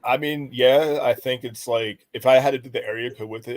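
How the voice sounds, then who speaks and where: A man's voice: medium pitch, brisk, few pauses. A man co-hosting a casual livestream, teasing and laid-back. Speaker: podcast co-host.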